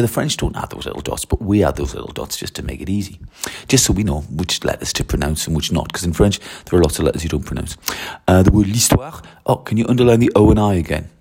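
A man's voice: low voice, dark tone, husky. A man teaching French, talking through classroom steps with frequent direct requests and tag questions. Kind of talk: classroom-style teaching walkthrough.

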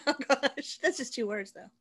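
A woman's voice: sits high, normal speed, a bit bright, breathy edge. A middle-aged woman co-hosting a podcast, chatting playfully with her brother, laughing often and trying silly voices. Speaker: podcast co-host. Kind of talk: casual chat between siblings.

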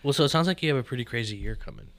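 A man hosting a casual podcast, talking quickly and asking his guest one curious question after another. His voice is lively and moves up and down a lot, at a middle pitch. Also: creaky. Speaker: podcast host. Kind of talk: casual chat.

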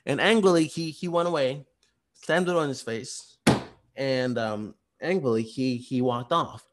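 A man walking through study questions in a fast, rambling, casual way, with lots of restarts. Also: mid-range voice. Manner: chatty, retells stories in slangy voices. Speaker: teacher. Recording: voice message.

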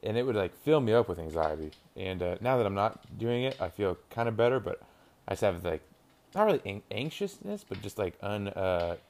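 Here a young man hosts a podcast solo, his lowish voice very animated, a little fast, and a little mellow. He rambles casually and swears as he reacts to a football game on TV.

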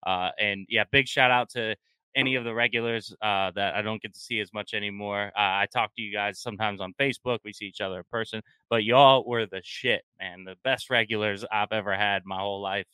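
A man chatting on a podcast as a guest, enthusiastic and full of restarts. His voice is bright and crisp, and the sound is dry and close. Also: fairly low pitch, steady tone, fairly quick, no echo. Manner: enthusiastic, many restarts, says man a lot. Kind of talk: casual podcast chat.

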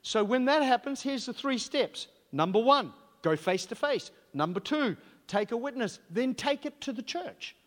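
Guy preaching in a big echoey hall, highish voice, punchy questions at the crowd. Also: expressive, moderate pace, fairly bright tone. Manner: emphatic, rhetorical questions to the congregation. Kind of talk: sermon. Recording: long hall reverb.

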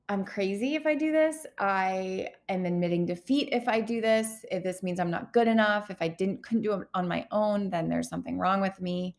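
A woman in her thirties talking candidly in a personal vlog, halting and close to tears as she opens up. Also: medium pitch, a little mellow. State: holding back tears. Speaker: healthcare worker vlogger.

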